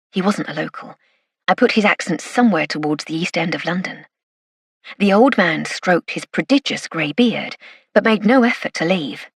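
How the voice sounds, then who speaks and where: A woman reads a first-person mystery aloud with wry, measured storytelling. Her voice is low and husky. The recording is close and dry, with no room sound. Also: lively intonation, no room sound. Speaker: audiobook narrator. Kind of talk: first-person scripted narration.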